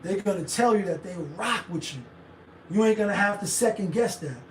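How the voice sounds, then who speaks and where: High-voiced man ranting in an echoey room. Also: fairly quick, a little hiss or hum. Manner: animated, acts out quoted voices, profane. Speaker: commentary show host. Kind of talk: casual opinion commentary. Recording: echoey room, voice a bit far from mic.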